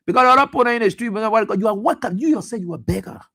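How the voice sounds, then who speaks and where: A man's voice: sits high, very fast, pushed and bright. A man hosting a radio talk show, delivering impassioned, accusatory political commentary with repeated pointed questions. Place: radio studio.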